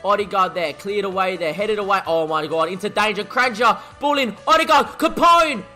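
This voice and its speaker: Brief: male streamer, high bright voice, calls his own football match, quiet mutters then loud yells, faint music behind. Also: moderate pace. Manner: excitable, swings from muttering to shouting. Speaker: gaming streamer. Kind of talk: live football game commentary.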